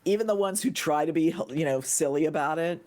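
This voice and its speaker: Excitable woman gushing on a podcast. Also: low-pitched, a little fast. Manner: excitable, gushing, shrieks when thrilled. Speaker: podcast guest. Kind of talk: casual chat.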